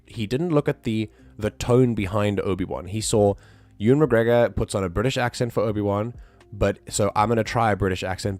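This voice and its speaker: A man with a lowish voice talks casually on his live stream, rambling and restarting his sentences as he goes. The sound is dry and close to the mic, with faint music playing underneath. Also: darkish tone, no echo. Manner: rambling, with many restarts and fillers.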